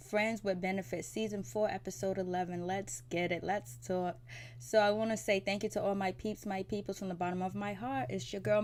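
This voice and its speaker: This is a woman with a medium-pitched, slightly mellow voice who runs a casual TV recap vlog. She's chatty and opinionated, sprinkling in plenty of "like" and "you know."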